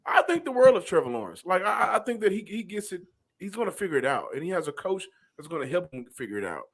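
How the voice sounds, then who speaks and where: Male co-host, slightly high voice, hesitant and stammering. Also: sing-song, fast, slightly rough. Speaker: podcast co-host. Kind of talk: casual sports chat.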